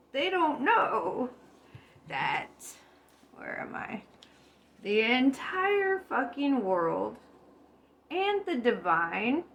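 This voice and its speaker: A woman's voice: on the high side, a little hiss or hum. A woman vlogging in a rambling, casual monologue, giggling often, swearing and losing her train of thought. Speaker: spiritual vlogger.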